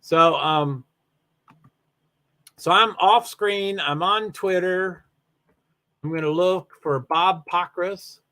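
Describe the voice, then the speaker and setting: A man's voice: sits high, slow, pauses often, bright, forceful tone. A very tired man, yawning, chatting in a rambling way with many fillers while running a solo livestream about racing. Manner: rambling, self-interrupting with fillers. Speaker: live streamer.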